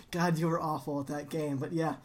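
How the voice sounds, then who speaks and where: A woman co-hosting a casual podcast chat, telling stories with lots of laughter and quick asides. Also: low voice, background noise. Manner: animated storyteller, laughs often. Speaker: podcast co-host.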